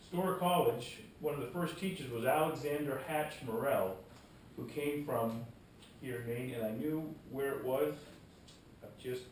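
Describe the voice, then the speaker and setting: Man giving a rambling talk in an echoey room. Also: a little mellow. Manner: rambling, repeats words, folksy asides. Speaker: guest speaker at a historical society. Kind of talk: informal public talk. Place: meeting room. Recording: echoey room, mic far off, faint rumble.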